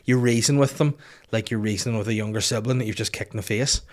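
A man's voice: fairly low pitch, fairly even intonation, fast talker. A tired man in his thirties hosting a solo podcast, talking in a profane, rambling comic way into a podcast mic. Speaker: podcast host. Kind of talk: casual solo podcast rant. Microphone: podcast microphone.

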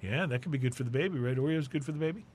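A man's voice: mid-range voice, rapid-fire, darkish tone, breathy edge. A man hosting a casual podcast chat, talking with many fillers and laughing often. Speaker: podcast host.

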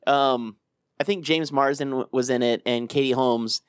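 A man's voice: medium pitch, fairly even intonation, moderate pace, clear, resonant tone, dry recording, clean studio sound. A man co-hosting a podcast, rambling and profane, laughing at his own jokes. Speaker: podcast co-host. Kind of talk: casual chat.

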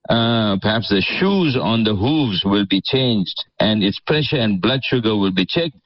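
A man giving sarcastic, mock-enthusiastic radio commentary, chuckling as he talks. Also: medium pitch. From South Africa. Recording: slightly dull lo-fi audio.

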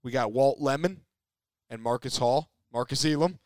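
A man co-hosting a podcast in energetic, talkative casual chat on a close mic. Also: medium pitch, moderate pace, no room sound. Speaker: podcast co-host.

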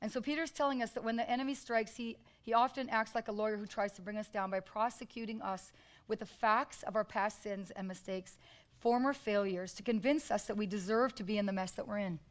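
A woman's voice: medium pitch, brisk, low-quality recording. A woman preaching a sermon in church, emphatic and repetitive, calling out to the congregation.

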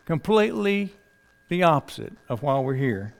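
A man preaching in a relaxed, folksy way, talking to his congregation like neighbors over a fence. His voice sits a little high for a man, and he leans on rhetorical questions to draw people in. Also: moderate pace, gravelly. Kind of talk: sermon.

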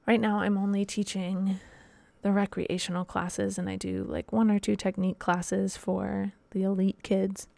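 A woman's voice: medium pitch, little pitch movement, normal speed, creaky, darkish tone, no echo. A young woman hosting a casual solo podcast, talking in a rambling, chatty way with lots of fillers. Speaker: podcast host and dance teacher.

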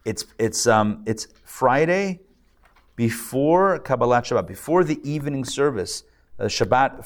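A man's voice: medium pitch, lively intonation, moderate pace. A man, a rabbi, teaching a live class in a joking, conversational way and checking in with his audience. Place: lecture room with a live audience and online viewers.

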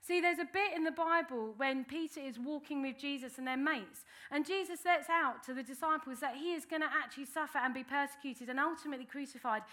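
A woman delivers a sermon with a bright, slightly high voice. She speaks earnestly and conversationally, restarting phrases as she goes. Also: fairly quick, hardly any pauses. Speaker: preacher.

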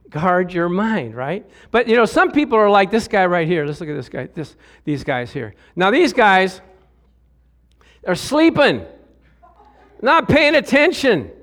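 High-voiced man preaching a lively sermon. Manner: lively preaching with acted-out quotes and laughs. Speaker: pastor.

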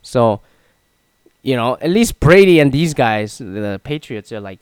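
A man's voice: mid-range voice, big pitch swings, measured pace, darkish tone, clear, resonant tone, no room sound, low-quality recording. A man in his twenties rambling through an opinionated casual monologue, full of fillers. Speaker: sports commentator.

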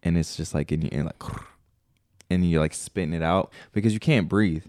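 Male podcast co-host, very low voice, rambling storyteller, dry close sound. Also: moderate pace, a little mellow, dry recording. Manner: rambling storyteller, heavy swearing, acts out his own reactions. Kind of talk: casual chat.

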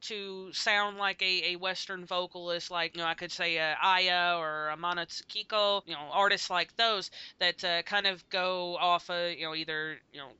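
A woman hosts a casual music podcast in a bright voice with a crisp, clean tone. She chats freely, laughing often and filling gaps with many fillers. The audio is dry but a little dull and lo-fi. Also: fairly low pitch, steady tone, normal speed, few pauses, no room sound. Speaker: podcast host.

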